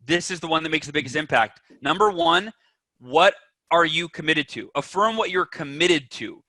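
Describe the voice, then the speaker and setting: A man's voice: on the high side, normal speed, pushed and bright, no room sound. A man guest on a podcast, talking with energy and emphasis and acting out the voices in people's heads. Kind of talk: animated interview talk.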